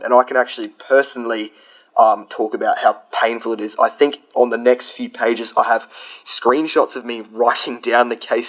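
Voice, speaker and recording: A man's voice: medium pitch, low-quality recording. A young man casually explaining grammar from his study notes, chatty and rambling, with frequent restarts.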